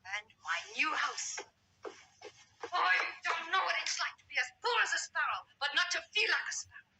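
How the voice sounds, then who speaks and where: A woman's voice: very high voice, sing-song, normal speed, gravelly, heavy background noise, full character voice. An actress playing a proud village woman newly married into nobility, speaking in a haughty, scornful, theatrical way. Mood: resentful. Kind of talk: vintage TV drama acting.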